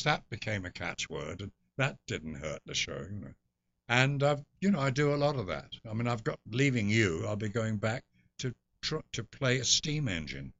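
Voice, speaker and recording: An older Englishman, a guest actor, tells stories in an interview, throwing in theatrical asides as an expansive raconteur. His mid-range voice is creaky and bright with a forceful tone. The recording is dry and dull.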